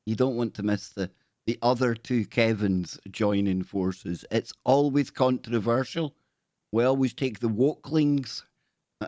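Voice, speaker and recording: A jovial man hosting a talk show, his voice sitting a little low. He banters easily and loops back on pet phrases. The sound is dry and close on the mic. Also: no echo. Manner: jovial, bantering, repeats catchphrases. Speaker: podcast host. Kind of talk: casual radio-show chat.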